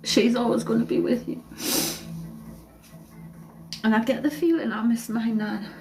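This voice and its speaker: A woman working as a psychic medium on a live stream, tearful and emotional, talking in halting phrases broken by sighs. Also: fairly high pitch, mellow, low-quality recording. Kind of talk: live-stream spirit reading. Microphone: phone or webcam on a live stream.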